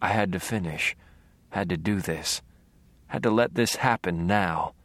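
A man narrating a dark first-person audiobook in a low, brooding, measured voice on a close studio mic. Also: no echo.

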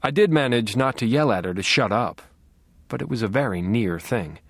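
A man narrating a first-person audiobook in a dry, wry, measured way. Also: medium pitch, lively intonation, no room sound.

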